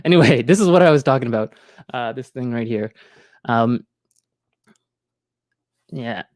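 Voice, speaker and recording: A man's voice: medium pitch, animated, unhurried, darkish tone, no room sound, studio quality. Rambling young man streaming casually. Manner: rambling, many fillers and restarts. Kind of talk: casual live-stream chat.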